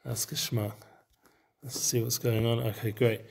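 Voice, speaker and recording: A man leading a relaxed Torah study session, explaining Hebrew texts in a loose, conversational way. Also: medium pitch, a little slow, gravelly. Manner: mixes Hebrew terms into English, loose and conversational. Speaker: Torah teacher.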